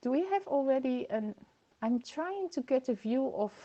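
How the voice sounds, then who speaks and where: Chatty high-voiced woman streamer. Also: lively intonation, normal speed, highs cut off. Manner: chatty, reads viewer comments aloud, laughs often. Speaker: livestream host. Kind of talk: casual livestream chat. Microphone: computer microphone.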